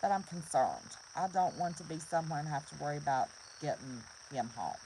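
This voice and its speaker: A woman's voice: low voice, expressive, a little fast, noisy background. A middle-aged woman from West Virginia in a casual vlog chat, earnest and preachy, repeating herself for emphasis. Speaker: prepper vlogger.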